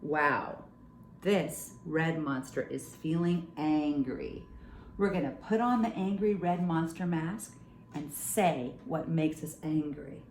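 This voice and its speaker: A woman's voice: low-pitched, slow pace, a little hiss or hum. A young adult woman reading a picture book aloud to children, playful and sing-song, hosting a storytime. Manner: playful, sing-song, animated with silly sounds. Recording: echoey room.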